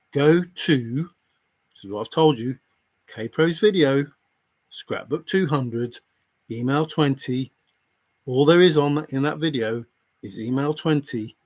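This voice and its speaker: A man on a live stream, talking to viewers in an exasperated, repetitive, lecturing way. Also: a little high. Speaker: treasure hunt commentator. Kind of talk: heated live stream rant.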